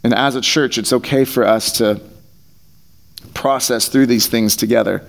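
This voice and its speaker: In a church hall, a man serves as pastor and preaches a sermon in an earnest, conversational way, repeating phrases to drive points home. His voice is medium in pitch with fairly even intonation, a normal speed, and some vocal fry. He speaks into a headset mic taped to his face.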